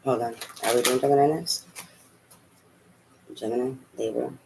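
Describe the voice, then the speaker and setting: A man's voice: medium pitch, steady tone, moderate pace, creaky, background noise. A man giving a casual tarot reading, talking aloud to spirit and swearing now and then. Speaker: tarot reader.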